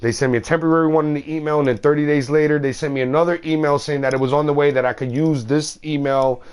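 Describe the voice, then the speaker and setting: Man, game streamer, casual rambling chat, heavy slang and swearing, slightly high voice. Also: steady tone, fast talker, a little mellow, clear, resonant tone. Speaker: gaming streamer.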